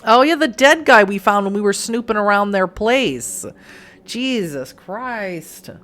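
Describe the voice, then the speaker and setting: A woman's voice: medium pitch, moderate pace, fairly bright tone. Sarcastic woman playing a story game. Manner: sarcastic asides, frequent laughter. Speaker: let's play host. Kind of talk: reading a game aloud with commentary. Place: home next to train tracks.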